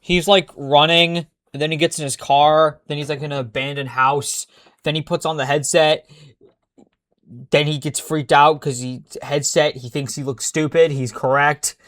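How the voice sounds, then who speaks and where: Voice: mid-range voice, fairly even intonation, moderate pace, fairly bright tone, no echo. A commentator ranting casually about a cartoon, profane, exasperated and sarcastic.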